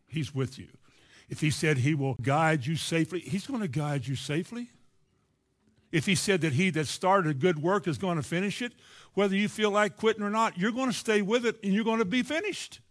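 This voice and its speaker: A man's voice: high-pitched, normal speed. A man with a Kentucky accent preaching a sermon in a folksy, earnest way, acting out the voices he quotes.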